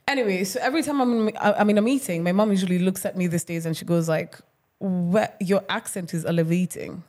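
A young Kenyan woman co-hosting a casual podcast chat. She tells her stories in a chatty, animated way and laughs often between them. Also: mid-range voice. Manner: chatty, laughing, quick storyteller. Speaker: podcast co-host.

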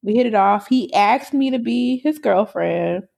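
Woman, slightly higher voice, animated storyteller, laughs, swears casually; podcast chat. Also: unhurried, gravelly.

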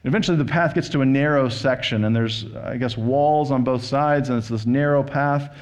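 A male pastor giving a sermon, retelling and reading a scripture story in a relaxed, conversational manner. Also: medium pitch, brisk. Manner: conversational storytelling, paraphrasing scripture with quoted voices.

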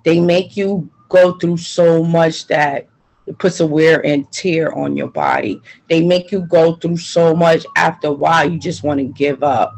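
A woman's voice: sits low, gravelly, a little mellow, rough recording. A woman being interviewed, talking in an emphatic, frustrated way and repeating her points. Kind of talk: personal testimony interview.

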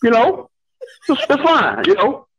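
A male caller on a radio show, laid-back and reassuring, repeating himself to calm listeners. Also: extremely high pitch, measured pace, slightly rough, rough recording. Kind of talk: call-in radio chat.

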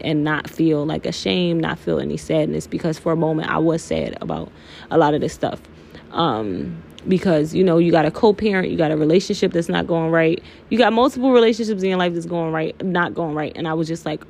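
A young woman hosts her own podcast, talking candidly and emotionally and peppering her speech with swearing and y'all. Her voice sits a little low and has a gravelly fry to it. Faint noise hums behind her. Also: a little mellow. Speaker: podcast host. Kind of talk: candid personal podcast monologue.

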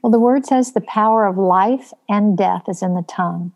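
A woman co-hosting a faith podcast, speaking in an earnest, measured way. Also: medium pitch, a little mellow. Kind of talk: casual faith podcast chat.

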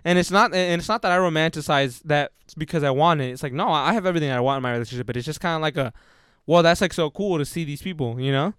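A man's voice: on the high side, fast, hardly any pauses, a bit bright, clear, resonant tone, dry recording, studio quality. A young man co-hosting a casual podcast chat, rambling and swearing as he retells a book he's reading. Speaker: podcast co-host.

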